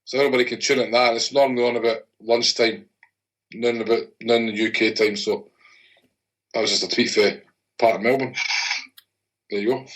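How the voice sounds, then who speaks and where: A man's voice: medium pitch, steady tone, moderate pace, long pauses, fairly bright tone, distant mic, poor audio. A Scottish man co-hosting a fan podcast, jokey and sweary. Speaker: co-host. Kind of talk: casual podcast banter.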